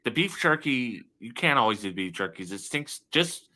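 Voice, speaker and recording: A man co-hosting a casual podcast chat, relaxed and hesitant, with lots of fillers. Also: medium pitch, moderate pace. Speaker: podcast co-host.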